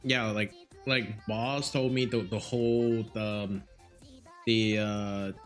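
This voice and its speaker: Halting Vietnamese-accented young man. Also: on the low side, steady tone. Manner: rambling, halting storytelling with many fillers and restarts. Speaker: streamer. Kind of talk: casual chat. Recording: faint music behind.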